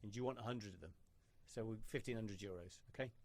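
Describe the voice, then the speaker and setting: A man hosting a podcast who tells stories in an animated way and swears freely in casual conversation. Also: fairly low pitch, fast. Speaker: podcast host.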